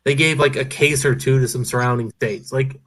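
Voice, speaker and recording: Guy telling a whisky story, animated, swears a lot, regular pitch. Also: fairly quick. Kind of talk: casual chat, storytelling.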